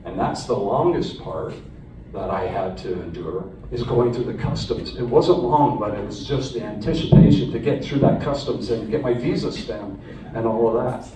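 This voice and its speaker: Low-voiced Canadian man telling his story. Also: normal speed, noisy background. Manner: earnest, conversational, with frequent restarts. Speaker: speaker recounting his captivity to an audience. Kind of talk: personal storytelling talk. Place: hall with a live audience. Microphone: phone recording from the audience. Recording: distant, echoey phone recording in a hall.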